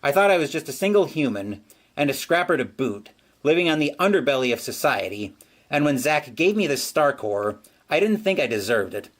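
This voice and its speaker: A man's voice: fairly high pitch, very animated, a little fast. A man voicing a humble young male scrapper who has become a hero, speaking with earnest resolve.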